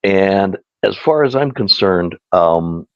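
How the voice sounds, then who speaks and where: A man tells a long story in a loose, chatty way and laughs often. His pitch swings widely as he talks. The recording is dry and dull, like lo-fi radio. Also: lively intonation, takes it slowly, smooth, no echo. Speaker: guest. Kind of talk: casual storytelling.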